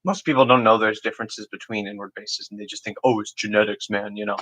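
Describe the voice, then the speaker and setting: A young man casually explaining beatbox basses on a livestream, rambling with lots of "you know" and "like" and clearing his throat often. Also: fairly even intonation, fast talker, fairly bright tone, low-quality recording. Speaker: beatbox teacher.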